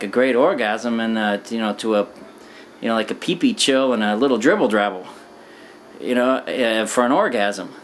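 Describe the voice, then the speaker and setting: A man casually telling a rambling anecdote, full of "you know" and "like", acting out quoted lines with sudden pitch jumps. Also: slight background noise. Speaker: storyteller.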